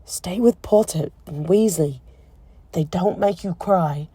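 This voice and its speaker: A woman voicing a guarded, resigned young man, speaking quietly and low in an audiobook. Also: slow pace, breathy edge, dry recording. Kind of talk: audiobook character voice.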